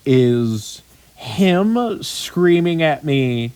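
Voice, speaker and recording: A male podcast host chatting casually in a dry, close recording. He rambles, swears freely and fills his pauses with ums. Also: fairly high pitch, very animated, a little mellow, clear, resonant tone, no room sound. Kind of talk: casual chat.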